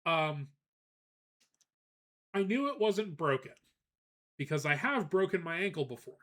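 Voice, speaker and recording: A man streaming live, chatting casually and telling a rambling, animated story with frequent laughs, greeting viewers as he goes. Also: on the high side, measured pace. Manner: greets chat viewers between anecdotes.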